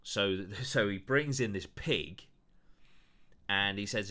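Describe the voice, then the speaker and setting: A man's voice: lowish voice, slow pace, pauses often, bright, forceful tone. A man hosting a podcast in casual, rambling chat, full of swearing and fillers. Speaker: podcast host.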